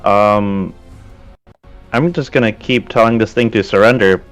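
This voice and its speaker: A man's voice: on the low side, measured pace, faint music behind. A man playing a tabletop game, hesitantly asking how rolls and rules work. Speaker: player.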